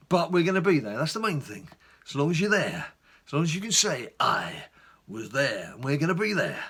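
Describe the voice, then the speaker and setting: Middle-aged man, chatty gaming vlogger, bright higher voice, very animated delivery. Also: slightly rough. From England. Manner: animated storyteller, rambling asides. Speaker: gaming YouTuber. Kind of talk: casual chatty vlog.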